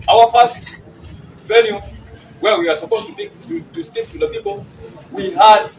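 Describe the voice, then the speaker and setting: Ugandan party chairman at a press brief, fairly high voice, far from the mic amid noise. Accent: Ugandan English. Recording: noisy room from far off.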